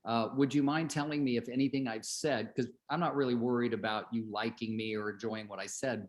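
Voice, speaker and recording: A middle-aged man coaching real estate agents on a group call, chatty, telling stories and asking the group questions. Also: on the low side.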